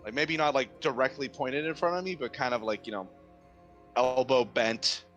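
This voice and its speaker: A man's voice: medium pitch, moderate pace, fairly bright tone, dull audio, faint music behind. A man playing a tabletop game, describing his actions in a casual, rambling way. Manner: casual, rambling, filler-heavy. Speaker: player.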